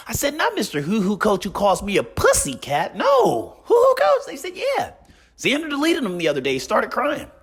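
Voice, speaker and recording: A man dishes community gossip in a theatrical way, hammering the same one-word tag line and tossing in rhetorical questions. His pitch swoops from high squeaks down to low growls for effect. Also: a bit bright. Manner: dramatic, repeats "problem" and "right?". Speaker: community gossip show host. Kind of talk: casual gossip commentary.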